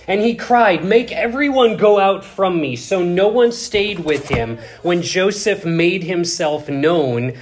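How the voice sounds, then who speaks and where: A man preaching a sermon, reading scripture aloud with dramatic swings between loud emphasis and hushed asides. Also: sits high.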